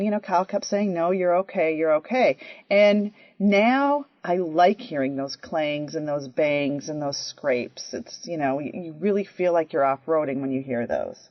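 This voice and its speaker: A woman telling a personal story in a chatty, animated way, often saying "you know" and "um". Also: on the low side, dry recording. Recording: dry, dull lo-fi audio.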